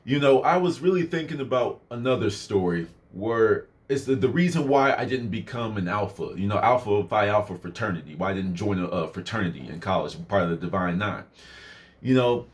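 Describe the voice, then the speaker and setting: A man's voice: fairly low pitch, expressive, fairly quick. A young man casually telling a personal story in a rambling way, full of fillers and asides. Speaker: vlogger.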